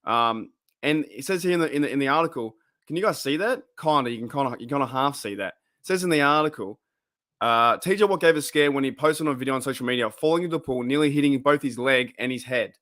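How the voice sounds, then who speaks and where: Quick-paced and expressive, this young Australian's mid-range, slightly bright voice carries his casual fan podcast. He chats in slang into his webcam, laughing at himself as he goes.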